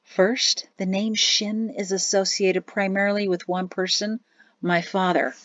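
A woman reading an audiobook voices a calm, wry male officer and father who speaks softly with dry humor, in a slightly dull, dry studio recording. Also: high-pitched, moderate pace, dry recording. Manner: soft-spoken, dry humor.

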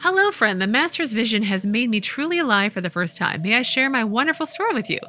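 A woman's voice: on the high side, sing-song, fast, pushed and bright. A woman voicing a cheerful, preachy male cult chanter in a video game, reading in a gushing sing-song way.

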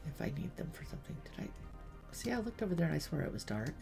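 A woman's voice: low voice, sing-song, fast talker, gravelly, dark tone, faint music behind. A middle-aged woman streaming a game, chatting and telling stories between asides to the game. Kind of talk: casual gaming livestream chat.

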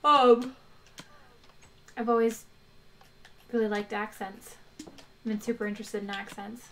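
A woman's voice: a little high, fairly even intonation, a little slow, a bit bright. A woman hosting a live game stream, chatting casually, laughing often and thanking donors. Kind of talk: casual chat while playing a game.

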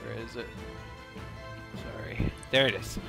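A man's voice: mid-range voice, a little slow, creaky, music in the background. A young man co-hosting a game playthrough, joking and laughing while planning moves. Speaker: co-host of a gaming channel. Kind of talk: casual let's-play chat.

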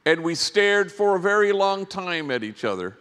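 A priest giving a reflective storytelling talk to a conference audience, unhurried, with long pauses between phrases. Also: male voice, high-pitched, sing-song, fairly bright tone, clear, resonant tone. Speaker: priest and speaker. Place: large conference hall. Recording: long reverb of a big hall.

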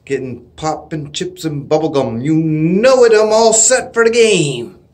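A middle-aged man from Canada vlogging at home in a casual, excitable way, laughing often and whooping loudly. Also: a little high, measured pace. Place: home, indoors.

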